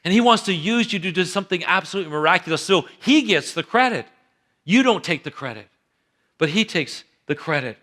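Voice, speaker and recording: Animated male pastor with a high, bright voice, storytelling sermon in church. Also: brisk. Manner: animated storytelling, acts out characters.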